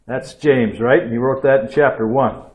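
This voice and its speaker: An older man delivers a sermon in a relaxed, folksy storytelling way, dropping conversational asides to his listeners. His voice sits at an ordinary middle pitch, and the room around him rings with a noticeable echo. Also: moderate pace. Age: 60s. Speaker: pastor. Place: church hall. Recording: echoey room.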